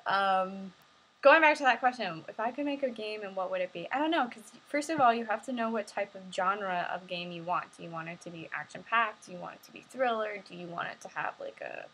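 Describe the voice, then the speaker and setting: A woman's voice: medium pitch, expressive, normal speed, a bit bright, slight background noise, poor audio. A young woman casually answering viewers' questions on a live stream, chatty and giggly, with silly sing-song bursts.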